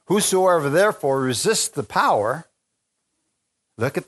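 Man, preacher, spontaneous sermon, fervent, swings from low murmurs to high exclamations. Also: huge pitch swings, slow pace. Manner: fervent, rising to exclamations and calls to the congregation. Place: large church with a congregation.

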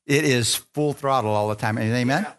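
Preaching at a moderate pace, a man leads his congregation in call-and-response, calling for amens. He shifts between quiet asides and loud, climbing exhortation, joking at his own expense along the way.

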